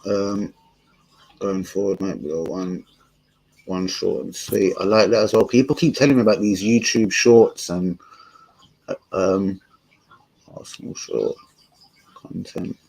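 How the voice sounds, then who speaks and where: A man's voice: sits low, unhurried, gravelly, pauses often, darkish tone, poor audio. A man, hosting a casual live stream and chatting with viewers in a laid-back, slangy way, swearing often. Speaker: streamer and channel host.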